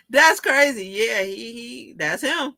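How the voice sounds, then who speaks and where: A woman hosting a casual chat, telling stories in an animated way, laughing often and swearing casually. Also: medium pitch. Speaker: show host.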